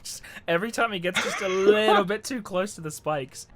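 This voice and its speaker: A man's voice: high voice, fairly quick, faint music behind. A man playing a video game and commenting wryly on his own mistakes, swearing casually. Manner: wry, self-mocking, swears. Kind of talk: casual let's-play commentary.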